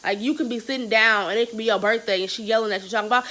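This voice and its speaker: A young woman vlogger telling a story in a casual, animated, slangy and profane way. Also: mid-range voice, racing, hardly any pauses, rough recording.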